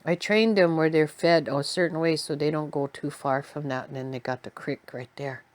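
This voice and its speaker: A woman telling a personal story in a soft, quiet, unhurried way. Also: low-pitched, fairly even intonation, dry recording.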